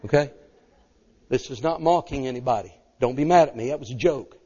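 A man's voice: mid-range voice, a little fast, husky, highs cut off. A man from Arkansas, an evangelist telling a story in a sermon and acting out the voices. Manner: animated, acts out voices.

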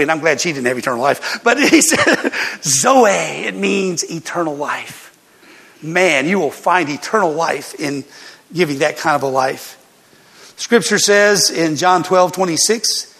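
An older man, a pastor, telling a personal story in a sermon and reading scripture, with animated laughter between lines. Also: sits high, long reverb tail.

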